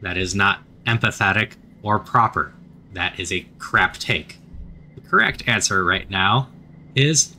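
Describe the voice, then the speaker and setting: A man's voice: on the low side, measured pace, sharp tone, slight background noise. A man reading a story game aloud as he plays, adding wry asides of his own. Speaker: narrator of a story game playthrough. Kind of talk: narrated playthrough.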